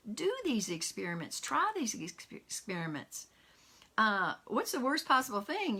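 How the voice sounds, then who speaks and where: A woman minister giving an online sermon, talking in a conversational way, laughing softly now and then and weaving in quotations. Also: mid-range voice, vocal fry, breathy edge. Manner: warm conversational preaching with quotes and soft laughs.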